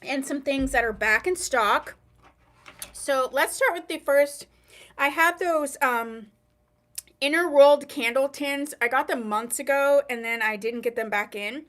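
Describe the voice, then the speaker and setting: A woman hosting a live online wig sale, describing products in a chatty, unhurried way. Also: sits high, fairly bright tone. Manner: chatty, unhurried, drawn-out pauses. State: hiccuping. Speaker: online wig shop host.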